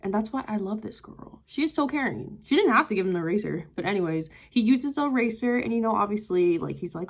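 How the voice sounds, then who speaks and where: A woman's voice: medium pitch, lively intonation, fast talker, few pauses. A young woman casually reviewing a manga, retelling the plot in a chatty way full of "like" and "yada yada". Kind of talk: casual book review vlog.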